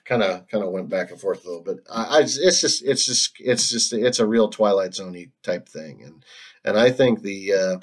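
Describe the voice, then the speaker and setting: A man hosting a solo stream, talking in a casual, rambling monologue full of restarts, fillers and frequent laughs. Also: lowish voice. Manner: halting, many restarts and fillers, laughs often.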